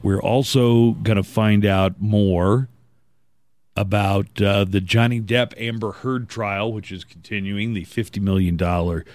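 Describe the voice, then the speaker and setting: A man's voice: on the low side, fairly even intonation, a little slow, a little mellow, dry recording. A man hosting a morning radio show, chatting wryly with co-hosts and reading an ad. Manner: wry, chatty, reads ad copy. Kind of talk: casual radio talk.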